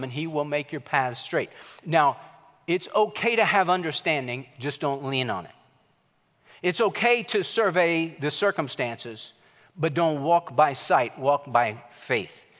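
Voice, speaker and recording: A man's voice: fairly high pitch, a bit bright, long reverb tail. A man preaching a sermon, telling stories in a conversational way and building to emphatic points. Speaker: pastor.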